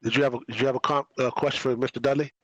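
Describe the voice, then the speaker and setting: A man chairing a county meeting, brisk and procedural as he calls on speakers. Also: mid-range voice, steady tone, slightly rough, no echo. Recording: dull lo-fi sound.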